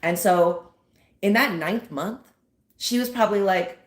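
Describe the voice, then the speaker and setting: A woman's voice: mid-range voice, measured pace, echoey room. A woman hosting her own channel, talking loosely to viewers with many fillers and acted asides. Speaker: channel host. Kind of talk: casual spiritual vlog talk.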